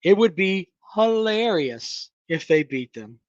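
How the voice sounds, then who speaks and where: A man's voice: high-pitched, big pitch swings, takes it slowly, dry recording, muffled recording. Blunt sarcastic man talking football. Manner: blunt, sarcastic, swears freely, mocks callers' takes. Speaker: sports talk show host reading live chat. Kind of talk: casual livestream sports talk.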